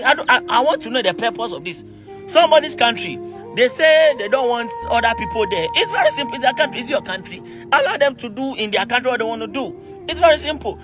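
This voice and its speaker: A man with a Ghanaian English accent giving exasperated opinionated commentary full of rhetorical questions and pidgin asides. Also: very high-pitched.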